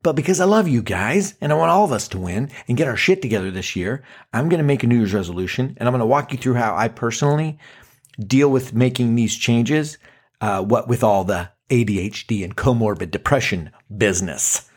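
A man in his forties hosting a casual monologue podcast, animated and self-mocking, acting out quotes with dramatic swings. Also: mid-range voice, a little fast, slightly rough. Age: 40s. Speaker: podcast host.

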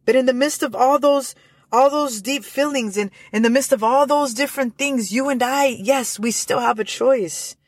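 A woman's voice: high voice, moderate pace, dry recording. A woman hosting a faith-based motivational podcast, speaking earnestly with frequent restarts and repeated phrases. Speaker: podcast host.

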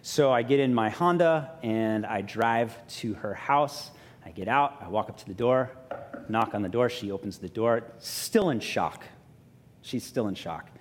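A man pastor, telling a personal story in a sermon with lively self-mocking humor, then growing soft and quiet for reflection. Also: on the low side, unhurried, big-room sound. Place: church sanctuary.

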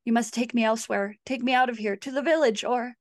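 A woman's voice: on the high side, steady tone, fast, no echo, natural voice. A woman voicing a feverish older male deacon who gasps and whimpers his desperate pleas in a storybook reading. The reading is dry and close.

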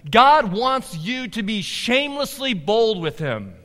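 A middle-aged man preaching a sermon, animated, swinging between loud emphasis and quiet asides. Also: sits high, slow pace, long reverb tail. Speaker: pastor.

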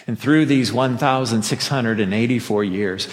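A man's voice: mid-range voice, moderate pace. Man preaching in a reverberant hall. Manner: conversational preaching with self-deprecating jokes. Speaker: pastor. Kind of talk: Christmas sermon. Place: church sanctuary with a masked congregation.

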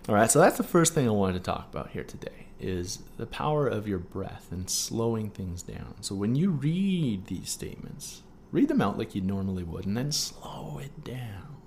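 A man's voice: lowish voice, big pitch swings, moderate pace, hardly any pauses, darkish tone, slight background noise. A man hosting a solo podcast, coaching listeners through a writing exercise with frequent "okay?" check-ins and playful asides. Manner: playful asides mixed with earnest teaching. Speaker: podcast host.

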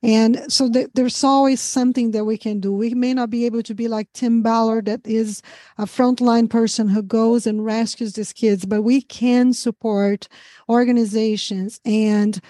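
A middle-aged Brazilian woman hosts an interview in a Brazilian accent touched by a US southern twang. She speaks eagerly, laughs often and restarts her words. Her voice sits high and sounds mellow, recorded dry and close. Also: little pitch movement, moderate pace, no room sound. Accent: Brazilian Portuguese with a US southern twang. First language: Portuguese. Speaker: podcast host.

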